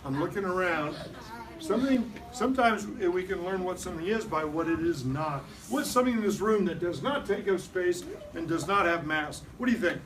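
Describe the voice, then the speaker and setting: A man's voice: high voice, animated, moderate pace. A man teaching young children science in a classroom, playful and coaxing, leading call-and-response chants. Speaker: science teacher visiting a first grade class. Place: school classroom. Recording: distant mic, noisy classroom.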